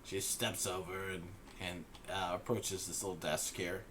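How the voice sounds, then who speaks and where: A man running a tabletop game who narrates slowly, pausing with frequent fillers. His voice is bright and forward, with faint room ambience behind. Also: low-pitched, little pitch movement, slight background noise. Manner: slow, searching narration with many fillers. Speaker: game master.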